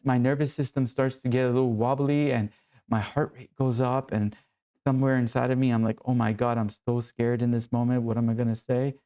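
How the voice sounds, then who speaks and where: Earnest male coach, mellow voice. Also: mid-range voice. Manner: earnest, intimate, addresses viewer as brother. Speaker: men's coach. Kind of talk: direct-to-camera coaching monologue.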